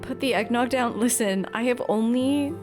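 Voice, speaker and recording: A woman's voice: a little high, normal speed, over music. A woman streamer chatting casually over gameplay, rambling and self-mocking while reading dialogue aloud.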